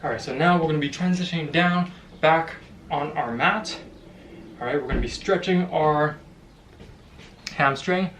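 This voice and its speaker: A male boxing fitness coach leads a home stretching workout, counting holds aloud with encouraging cues and sounding a little out of breath. His voice is a little high and fairly bright, at normal speed with long pauses. A slight hiss or hum is audible, and the distant mic picks up an echoey room.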